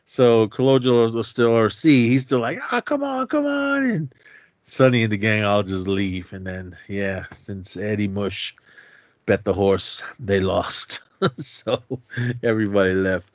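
On a podcast, a male co-host with a fairly low, level voice walks through a movie's story at a measured pace, raising his voice to act out characters and laughing along the way. The audio is dry, echo-free and a bit dull, with a lo-fi feel.

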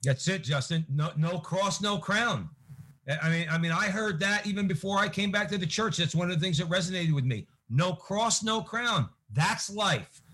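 Male co-host, high and husky, firm agreeing delivery. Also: animated, moderate pace, fairly bright tone. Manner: emphatic, agreeing, repeats short slogans. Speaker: podcast co-host. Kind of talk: casual chat.

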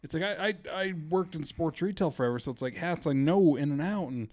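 A man's voice: a little high, expressive, fairly quick, darkish tone. A man hosting a podcast in a hotel room, chatting casually, often repeating words as he restarts and laughing easily. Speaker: podcast host. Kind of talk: casual chat.

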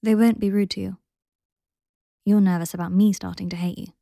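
A kind young man speaking gently and with care, as a woman reads him aloud. The voice is a little gravelly and sounds dry and close. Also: mid-range voice, steady tone, fairly quick, dry recording. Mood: caring. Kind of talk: audiobook reading.

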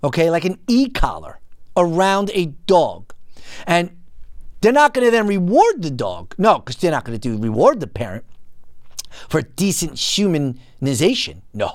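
A man's voice: fairly high pitch, dry recording, clean studio sound. A man hosting a podcast, ranting in an indignant, incredulous and mocking way. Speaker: podcast host. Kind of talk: ranting commentary.

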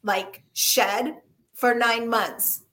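Woman guest, slightly high and bright, animated storyteller who acts out the voices in her stories. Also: extremely slow. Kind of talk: casual chat, storytelling.

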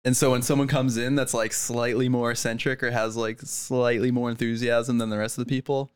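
A man's voice: medium pitch, level tone, a little fast, clear, resonant tone. A man hosting a podcast, chatting casually and joking with his guest. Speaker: podcast host. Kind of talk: casual chat.

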